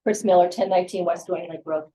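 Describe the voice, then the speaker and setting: A woman with a mellow voice speaking firmly and directly at a town hearing. A faint hiss sits under her words. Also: lowish voice, steady tone, quick pace, rough recording. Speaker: resident speaking at public hearing. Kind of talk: public comment.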